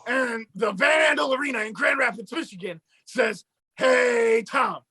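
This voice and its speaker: A wildly high-pitched puppet fellow, all rasp and gravel as he hollers in a bright, cutting tone. He's a scrappy little hustler who yelps exclamations through a comedy podcast. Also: a little slow, heavily acted. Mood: excited. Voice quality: raspy, high and shouty. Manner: yelling excited exclamations. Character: loud excitable male puppet, scrappy hustler.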